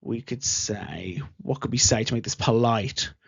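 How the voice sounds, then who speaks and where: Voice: medium pitch, a little slow, gravelly, husky, no room sound. An English teacher giving an online grammar lesson, speaking patiently and repeating example sentences. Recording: dull lo-fi voice recording.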